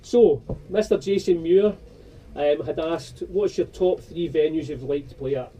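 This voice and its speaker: Male radio host, dark mellow voice, halting delivery, slightly off-mic. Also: a little high, far from the mic, poor audio. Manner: halting, restarts questions often. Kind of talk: casual radio interview. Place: radio studio.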